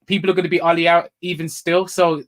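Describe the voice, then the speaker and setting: A man's voice: a little high, flat delivery, quick pace, a bit bright. A man co-hosting a casual live football talk show, agreeable and hedging, posing what-if questions. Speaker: podcast co-host.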